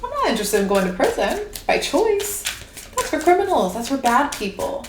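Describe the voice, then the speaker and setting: A woman's voice: sing-song, normal speed, background noise. A woman voicing a carefree young child who indignantly refuses a dull job. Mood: defiant. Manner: high, indignant, exaggerated. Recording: echoey room.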